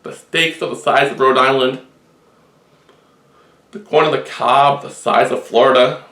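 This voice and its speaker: Man, deadpan joke storytelling, mid-pitched voice, echoey room. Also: a little slow. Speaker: joke teller. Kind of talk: telling a long shaggy-dog joke. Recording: roomy echo.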